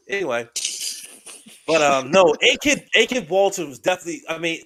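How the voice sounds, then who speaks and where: A man hosting a podcast in casual, excitable chat, swearing freely and joking around. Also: fairly high pitch, brisk, faint music behind. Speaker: podcast host.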